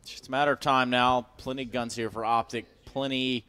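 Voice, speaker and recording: Excitable young esports play-by-play man. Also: mid-range voice, smooth. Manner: excitable, jokey, quick to laugh. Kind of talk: play-by-play commentary with banter.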